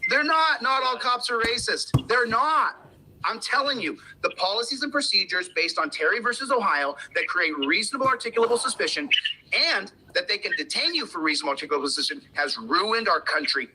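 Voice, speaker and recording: A man's voice: sits high, expressive, brisk, bright, forceful tone, breathy edge, low-quality recording. A man giving an impassioned political talk in a clip, emphatic and repeating his key points. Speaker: political commentator.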